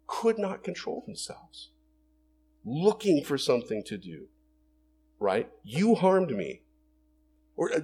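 A pastor preaches a sermon in a conversational, animated way, posing rhetorical questions and acting out everyday quotes. His voice is on the high side, with a little hiss or hum in the recording.

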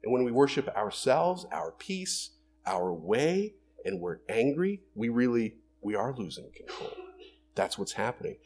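A man preaching a sermon in a conversational, animated way, asking rhetorical questions and acting out everyday quotes. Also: medium pitch, a little slow, creaky, a little hiss or hum. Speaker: pastor.

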